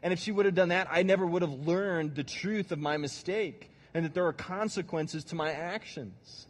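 A man preaching a sermon, telling a childhood story with animated, audience-directed delivery. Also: on the high side. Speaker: pastor. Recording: long hall reverb.

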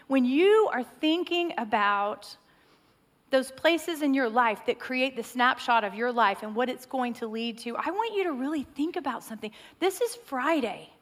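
A woman's voice: high voice, lively intonation, normal speed. A woman preaching a sermon in an earnest manner, building to a rhythmic, rising recitation.

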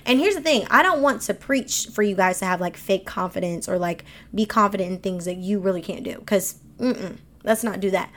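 Woman, AAVE, motivational podcast host; emphatic, animated delivery. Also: mid-range voice, brisk, few pauses. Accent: African American Vernacular English. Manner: emphatic, animated, speaks with slang. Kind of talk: motivational monologue.

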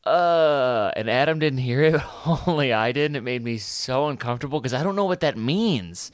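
A man's voice: medium pitch, lively intonation, normal speed, hardly any pauses, dry recording, clean studio sound. A young adult man, a stand-up comedian, telling a casual rambling story with lots of fillers and restarts.

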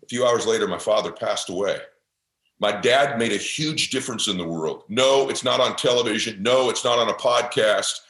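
A man's voice: on the low side, normal speed, a bit bright. Podcast guest, man, intense heartfelt motivational storyteller, some room echo. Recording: roomy echo.

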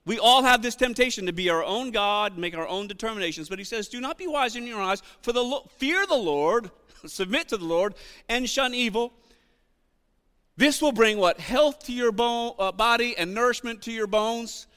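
A man preaches in a high, bright voice that rises and swells when he reads scripture. He asks his listeners questions as he goes. His voice rings out with the long reverb of a church hall. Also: fairly quick, clean tone. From United States. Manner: animated preaching, rising loud on scripture readings, asks the congregation questions. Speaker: pastor. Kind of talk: sermon.

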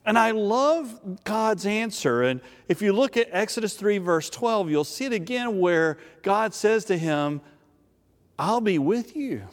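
A male pastor with a notably high speaking voice tells a scripture story from the pulpit, lively and conversational, often doubling words as he restarts. His voice rings out with a long tail of reverb from a large hall. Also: a little slow, hardly any pauses. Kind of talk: sermon.

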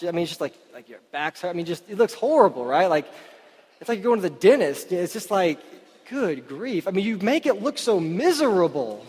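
A man preaching a sermon, telling stories in a chatty, animated way full of "like" fillers, in a church hall. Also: sits high, a little fast, breathy edge. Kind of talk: sermon storytelling. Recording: reverberant hall.

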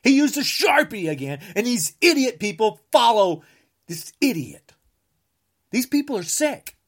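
A man from the United States, a podcaster, delivering an angry political rant, combative and repeating insults, sometimes bursting into shouts. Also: extremely high pitch, big pitch swings, unhurried.

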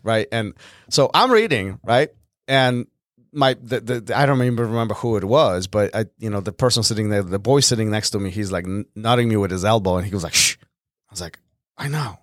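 A man from Poland, a podcast co-host, telling stories in a casual chat, animated and laughing often. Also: lowish voice, brisk, dry recording, clean studio sound.

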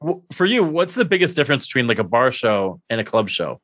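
A man's voice: medium pitch, sing-song, a little fast, a bit bright, dry recording. A man hosting a casual interview, asking curious, easygoing questions. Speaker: podcast host.

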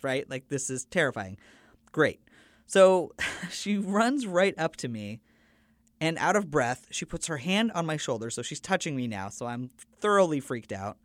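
A man's voice: fairly high pitch, big pitch swings, measured pace, dry recording. Earnest man hosting a storytelling podcast. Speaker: podcast host.

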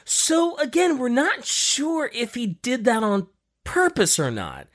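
A man hosting a casual podcast, telling a history story with lively emphasis and frequent fillers. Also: extremely high pitch, slow. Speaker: podcast host.

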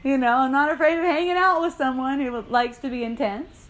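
A woman's voice: high voice, fairly quick, a bit bright. A woman leading an in-person spiritual dialogue, telling light anecdotes with frequent laughter and quoted voices. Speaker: spiritual teacher. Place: indoor gathering room.

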